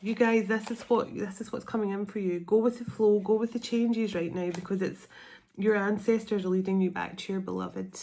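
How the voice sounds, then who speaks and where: A woman gives a heartfelt tarot reading, speaking earnestly and sounding close to tears. She lingers on key words and lets them stretch out. Her voice sits at an ordinary middle pitch. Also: steady tone, moderate pace, vocal fry, mellow. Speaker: tarot reader. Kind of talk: spiritual tarot reading to camera.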